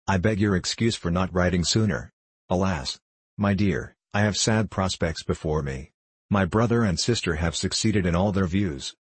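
A man narrating a period novel in a measured, formal reading. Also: low voice, slightly rough, no room sound. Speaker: audiobook reader.

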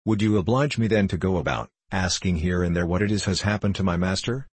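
A man's voice: deep voice, fairly quick, breathy edge, no echo. A man reading the part of a prying, scolding female housekeeper, nagging and insistent.

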